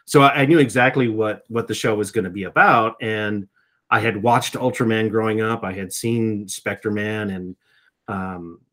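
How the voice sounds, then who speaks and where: A man's voice: lowish voice, steady tone, normal speed, fairly bright tone. A middle-aged man, a voice actor, giving reflective interview answers and often repeating words as he starts a thought. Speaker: voice actor guest.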